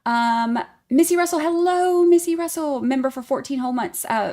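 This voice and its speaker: A woman's voice: high voice, a little fast, darkish tone. A woman hosting a casual true crime livestream, greeting members by name in a singsong tone and rambling with fillers and restarts.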